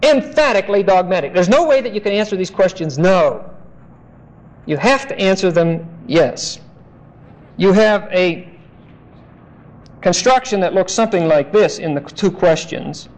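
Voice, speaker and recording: A man's voice: high-pitched, low-quality recording. A male pastor teaching through a Bible passage in an emphatic, explanatory sermon. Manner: emphatic, explanatory, deliberate phrasing.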